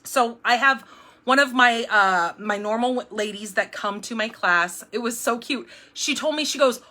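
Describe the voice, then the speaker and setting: A woman's voice: fairly high pitch, a little slow, pushed and bright. A middle-aged woman hosting a live craft stream from home, chatting in an upbeat, rambling way with lots of fillers and restarts. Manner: jumpy, self-described. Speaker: card-making demonstrator hosting a live stream.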